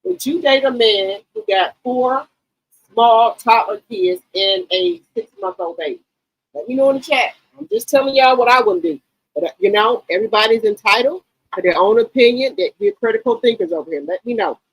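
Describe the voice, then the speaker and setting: An outspoken woman in her late forties or fifties hosts a gossip chat. Her voice sits a little high and husky, and it swings up and down in lively swoops. The sound is dry and close. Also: moderate pace, no echo, poor audio. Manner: animated, outspoken and profane. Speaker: gossip channel host. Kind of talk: casual commentary to viewers.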